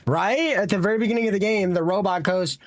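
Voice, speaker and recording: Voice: medium pitch, fast, slight background noise. A young adult streamer giving live commentary on a battle royale game, exasperated, repeating disbelieving questions and answering the chat. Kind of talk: live gameplay commentary chatting with viewers.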